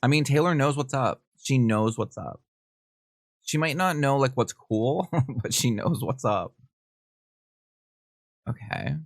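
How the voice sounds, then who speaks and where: A man hosting a podcast, reading messages aloud and reacting with quick, gossipy asides. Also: mid-range voice, creaky, no echo. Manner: animated, gossipy, reads texts aloud with quick asides and laughs. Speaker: podcast host. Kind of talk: casual reaction commentary.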